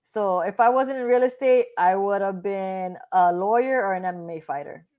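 Blunt, animated woman realtor. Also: mid-range voice, normal speed. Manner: blunt, animated, acts out other people's lines. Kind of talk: casual interview talk.

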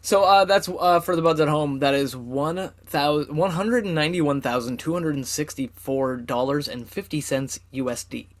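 A man's voice: on the high side, moderate pace, hardly any pauses. A man bantering casually on a podcast, joking and swearing. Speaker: podcast co-host. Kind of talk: casual chat.

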